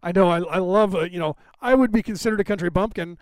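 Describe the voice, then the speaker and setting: A man's voice: sits high, fast talker, no room sound. Chatty Californian man, dry close sound. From Northern California. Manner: chatty, digressive, tags sentences with "right?". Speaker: live stream host. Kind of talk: rambling casual chat to live viewers.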